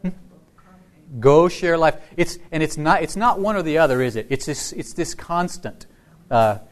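A man's voice: on the high side, animated, normal speed. Conversational male Lutheran pastor. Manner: conversational storytelling with frequent restarts. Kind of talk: sermon.

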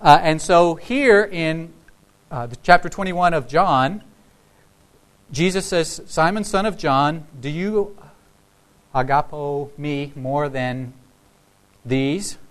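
A man giving a sermon to his congregation in a relaxed, conversational way, breaking into the voices of the people in his text. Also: a little high, slow pace, long pauses, rough recording. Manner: conversational, acts out quoted dialogue. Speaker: pastor.

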